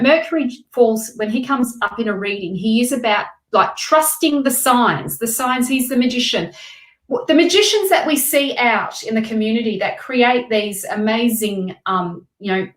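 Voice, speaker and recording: A woman's voice: fairly high pitch, echoey room. A woman doing live tarot readings, chatting with viewers and giving emphatic advice. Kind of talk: casual live-stream reading.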